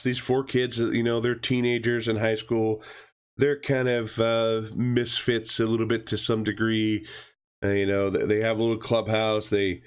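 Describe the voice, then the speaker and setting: Low-voiced man chatting about comics. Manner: rambling, with many fillers and restarts; acts out characters' lines in a raised voice. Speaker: podcast co-host reviewing comics. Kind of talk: casual chat.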